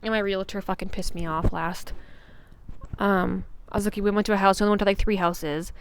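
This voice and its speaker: A woman's voice: medium pitch, steady tone, a little fast, a little hiss or hum. A young adult woman hosting her own podcast, talking casually in a blunt, profane, rambling way. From Canada. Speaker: podcast host. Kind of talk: casual solo podcast chat.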